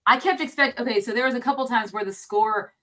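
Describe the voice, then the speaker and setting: A woman's voice: on the high side, fast talker, fairly bright tone. A woman co-hosting a casual film discussion, thinking aloud and rambling with frequent restarts. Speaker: co-host.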